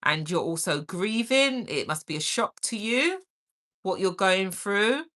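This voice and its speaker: A woman's voice: mid-range voice, animated, unhurried, a bit bright. A middle-aged woman hosting a livestream, chatting energetically and caringly while reading out viewer comments. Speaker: livestream host.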